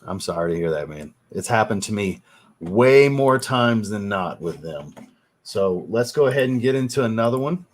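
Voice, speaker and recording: A man with a husky, slightly breathy voice talks casually into a desk mic during a livestream. He thinks out loud, unsure at times, and answers viewers' chat messages between his own thoughts. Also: fairly low pitch, expressive, normal speed. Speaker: fragrance livestream host.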